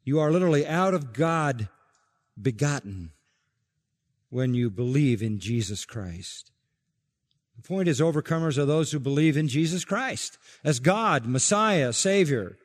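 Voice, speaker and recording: A man preaching an expository sermon as pastor, emphatic, repeating key phrases and slowing down to stress them. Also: on the high side, lively intonation, long reverb tail.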